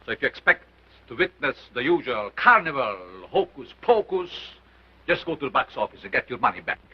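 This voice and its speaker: A man's voice: mid-range voice, big pitch swings, a little fast, breathy edge. An actor playing a commanding showman doctor with an unusual foreign accent, declaiming to a crowd in 1930s film style. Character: sinister male showman doctor, grandiose and commanding. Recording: dull old film soundtrack with hiss.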